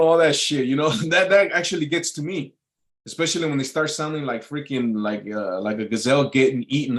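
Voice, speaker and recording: A man of medium pitch talks off the cuff to his live viewers. He rambles and swears freely, circling back with plenty of uhs and false starts. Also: fairly quick. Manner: rambling, profane, full of fillers and restarts. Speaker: YouTube livestreamer. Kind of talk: casual rambling monologue. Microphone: live stream mic.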